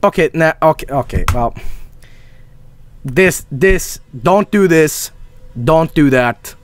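A young man streaming a game live, reacting with loud, frantic swearing and nervous laughter. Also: on the high side, animated, takes it slowly, clean tone. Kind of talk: live gameplay commentary.

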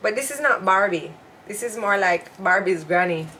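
A woman's voice: mid-range voice, lively intonation, moderate pace, pushed and bright, slight background noise. A woman vlogging at home, chatting casually and laughing often while trying on wigs. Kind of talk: casual chat.

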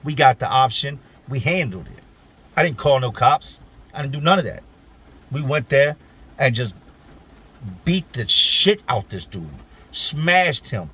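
A man at a middle pitch telling a story straight to his viewers, blunt and profane, with plenty of street slang. He talks the way he would to friends, loose and unpolished. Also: lively intonation, unhurried, long pauses, pushed and bright, slightly rough. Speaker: storyteller, channel host. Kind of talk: casual spoken storytelling.

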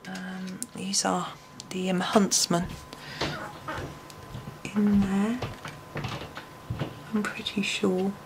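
A woman talks through a colouring tutorial, musing aloud and thinking over each choice as she goes. Her voice sits at an ordinary pitch with a gravelly, creaky edge. A faint noise floor hums under the recording. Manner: chatty, musing to herself, frequent ums.

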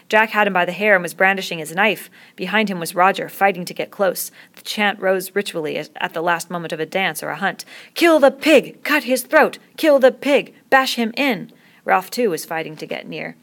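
A woman reads a novel aloud in a steady storytelling voice. Her tone sits low, and a gravelly creak runs through it. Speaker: reader.

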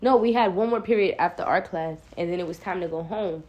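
A woman's voice: fairly quick, dull audio. A young woman vlogger telling a storytime in casual slang, often calling viewers y'all and acting out her own lines. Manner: animated retelling, acts out her own quoted lines louder and higher.

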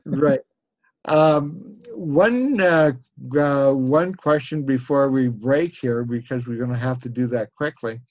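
Slow, hesitant male host. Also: medium pitch, darkish tone, lo-fi sound. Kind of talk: casual interview.

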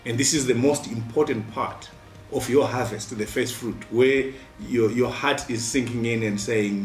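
Male pastor, steady earnest preaching, faint music behind him. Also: mid-range voice, moderate pace. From Zimbabwe. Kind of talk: midweek devotion sermon. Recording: roomy sound from a distant mic, faint music.

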